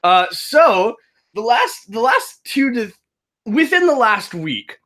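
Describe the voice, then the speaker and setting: A young man, a game master hosting a casual podcast, tells a story with lots of restarts and "like"s, acting out the voices of the people in it. His voice is very high and his pace slow.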